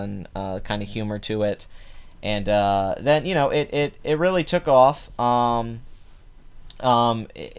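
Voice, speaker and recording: A man's voice: on the low side, smooth. Opinionated man rambling about box office. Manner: opinionated, rambling, many fillers and restarts. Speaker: podcast host. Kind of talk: casual box office commentary.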